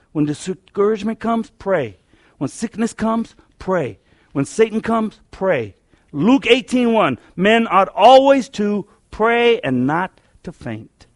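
A man preaching a sermon emphatically, repeating key lines and letting phrase ends fall quiet. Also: high-pitched, dry recording, clean studio sound.

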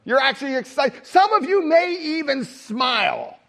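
A male pastor giving a Sunday sermon, animated and humorous, asking the congregation rhetorical questions. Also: very high voice, normal speed, creaky.

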